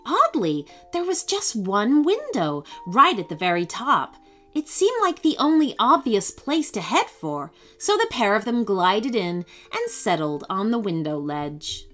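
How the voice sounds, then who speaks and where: A woman reads a children's story aloud, unhurried and expressive. Her voice is bright and clear, and it rises and falls with lively animation. Soft music plays faintly underneath. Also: mid-range voice.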